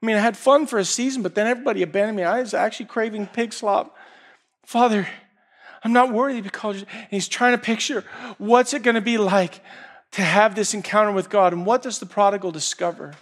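A male preacher telling a parable in a sermon, swinging from quiet, hushed storytelling to loud, emotional shouting. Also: high voice, fast.

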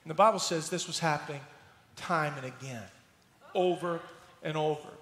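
A man preaching a sermon as pastor, telling the story in an animated, playful way and acting out scenes. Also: on the high side, moderate pace. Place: church sanctuary. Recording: roomy hall reverb.

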